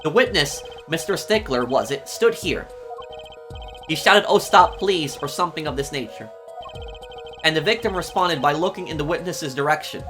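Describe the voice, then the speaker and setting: A man's voice: fairly high pitch, animated, moderate pace, music in the background, lightly acted. A man voicing an arrogant young male prosecutor with a slipping German accent in a game let's play. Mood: smug. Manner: attempted German accent that slips. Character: arrogant young male prosecutor, showy rock-star swagger. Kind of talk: game dialogue read aloud in a let's play.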